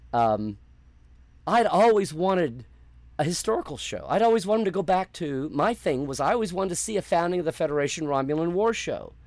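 A man answering interview questions in a casual, animated way, acting out the voices of people he quotes. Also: medium pitch, no room sound. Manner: animated storyteller, acts out quoted reactions. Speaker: interview guest.

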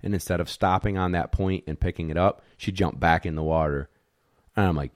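A low-voiced retriever handler briskly relates a competition story, acting out the judges and dogs in a relaxed, animated manner, blunt and a little profane. The recording is dry and studio quality.

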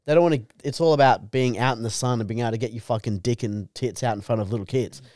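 A man's voice: medium pitch, fast talker, darkish tone, no room sound, clean studio sound. A young Australian man co-hosting a podcast in laid-back, crude chat, swearing a lot and calling his co-host dude.

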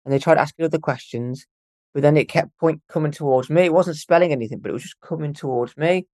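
A young man telling a ghost story as a podcast guest, animated and swearing freely as he acts out what people said. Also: a little high, fast talker, no echo. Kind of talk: casual storytelling.

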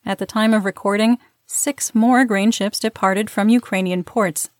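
A woman's voice: medium pitch, steady tone, normal speed, dry recording. A woman hosting a scripted news update, reading reports with dry, sardonic asides. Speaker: news host.

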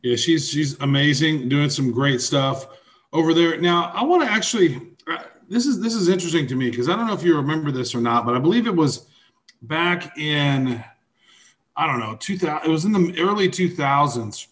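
A man's voice: a little high, expressive, moderate pace. A man with a Midwestern accent co-hosting a casual crypto news chat, joking and rambling with filler words. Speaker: co-host.

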